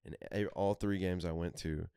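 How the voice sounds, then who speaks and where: A man's voice: deep voice, moderate pace, clean tone, dry recording, studio quality. A young man on a casual podcast, telling rowdy, profane stories with lots of laughter. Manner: profane, animated storytelling, laughs often. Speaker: podcast host. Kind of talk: casual chat.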